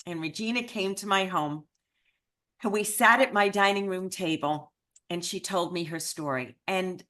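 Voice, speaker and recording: A woman tells a personal story to an audience with animated, wide-swinging pitch. Her delivery is expressive and engaged, the tone of a speaker at a remembrance event.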